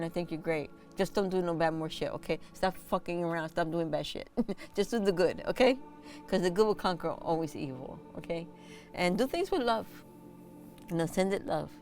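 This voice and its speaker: A woman's voice: on the low side, a little mellow. A woman who hosts the show and works as a massage therapist, giving casual spiritual advice in a blunt, encouraging way and swearing now and then. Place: indoors, on a squeaky chair.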